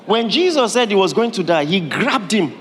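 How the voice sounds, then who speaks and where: A pastor, his voice pitched high for a man, delivers a lively, joking sermon and laughs as he goes. He sounds like he is in a hall with a long echo. A faint background hum sits under him. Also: moderate pace. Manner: humorous, animated preaching with laughter.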